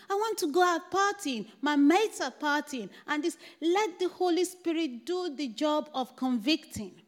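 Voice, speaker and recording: A woman's voice: high voice, animated, unhurried. An older woman giving a church testimony, telling a story and laughing often. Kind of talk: testimony sermon. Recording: echoey church hall.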